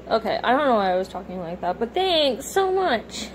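A young woman filming a casual unboxing vlog at home, gushing and a bit self-conscious, her voice slightly rough from a cold. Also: a little high, brisk, hardly any pauses, slight background noise, rough recording. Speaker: vlogger unboxing plush toys. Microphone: camera or phone camera.

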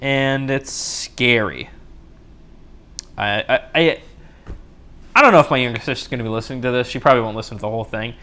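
Pushed and bright, his medium-pitched voice moves fairly quickly but pauses often. The young man hosts a casual solo podcast, rambling, joking at his own expense, and frequently starting over mid-sentence.

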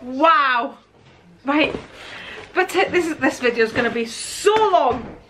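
A woman in her fifties unboxing gifts on her vlog, gushing and stammering with excitement, repeating her exclamations. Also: sits high, slow, slight background noise, low-quality recording. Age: 50s. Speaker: vlogger.

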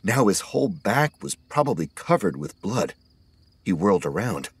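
A man narrating an audiobook horror story in a steady scripted reading. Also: sits low, husky, no echo.

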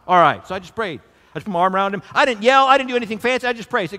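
A man's voice: high voice, very animated, quick pace, bright, forceful tone, in a large hall. A man preaching as a pastor, telling a story and leading an earnest prayer. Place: large tent meeting with long reverb.

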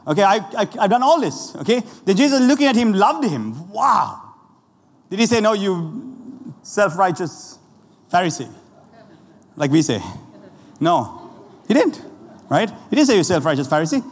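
A man preaching a lively, conversational sermon, laughing often and talking straight to the congregation, with a Sri Lankan accent. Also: high-pitched, moderate pace, breathy edge. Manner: animated, laughing often, asides to the audience. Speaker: pastor. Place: church hall. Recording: roomy church hall with faint ambience.

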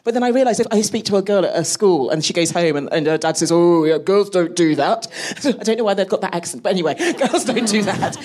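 A woman's voice: mid-range voice, fast talker, few pauses. A woman space scientist on a live podcast panel, telling stories with laughter. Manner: lively, laughing storyteller. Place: live venue before an audience.

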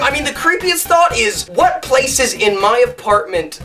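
Man, comic monologue, rambling, lively swooping pitch, distant mic, music behind. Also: a little slow. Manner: rambling, playful, mock-earnest. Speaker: show host.

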